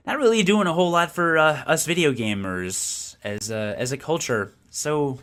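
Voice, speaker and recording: A young man co-hosting a casual gaming podcast, talking in an opinionated, animated way with frequent restarts. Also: fairly high pitch, normal speed. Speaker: podcast co-host and game reviewer. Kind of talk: casual chat.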